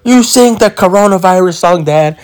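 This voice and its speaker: A man voicing his young daughter, whiny and puzzled, in a high sing-song mimicry. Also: moderate pace, a little mellow, lightly acted. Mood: teasing.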